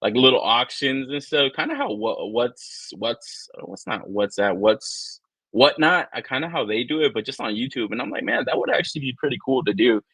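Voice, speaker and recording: Guy cussing a lot and rambling on a live stream, dry close sound, pitch right in the middle. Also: moderate pace, breathy edge, no echo. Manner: profane, rambling, animated storyteller who acts out quotes. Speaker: podcast co-host. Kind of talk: casual live-stream chat.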